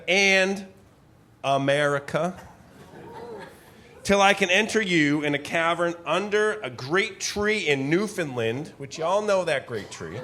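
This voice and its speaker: Guy doing a pompous blustery old-timey gentleman, ranting a letter, slow and grand. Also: a little high, exaggerated voice. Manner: bombastic declaiming with asides and laughs. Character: blustering pompous eccentric gentleman, man, middle-aged. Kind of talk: live theater reading of a period letter. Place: live performance hall with audience.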